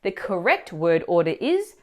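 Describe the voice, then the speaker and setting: A woman teacher explaining grammar mistakes in clear, instructive scripted narration, asking the viewer questions. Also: on the low side, very animated, a little slow, a little mellow. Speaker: language teacher.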